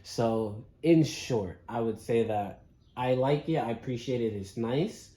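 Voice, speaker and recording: A man with a British accent, a guest on a casual podcast, talking in a relaxed, easygoing way and saying "you know" often. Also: medium pitch, unhurried, echoey room.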